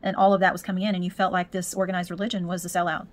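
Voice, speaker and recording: A woman's voice: lowish voice, little pitch movement, rapid-fire, noisy background. Woman giving a tarot reading. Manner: intuitive, musing, repeats words while searching for messages. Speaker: tarot reader.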